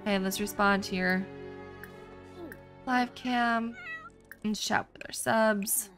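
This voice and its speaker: A woman's voice: mid-range voice, steady tone, takes it slowly, a bit bright, soft background music. A woman hosting a casual let's play, chatty, jokey and exclamatory as she comments on her game. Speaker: gaming channel host.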